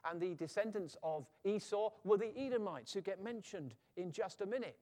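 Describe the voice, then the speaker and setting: A man preaching a sermon in a lively way, sometimes acting out quoted voices. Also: high-pitched, normal speed, in a large hall. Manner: animated, acts out quoted voices.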